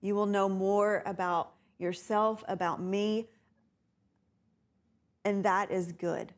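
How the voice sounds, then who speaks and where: A woman teaching a bible class, unhurried and often laughing with her students. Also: medium pitch, fairly even intonation. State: tickle in throat, coughing.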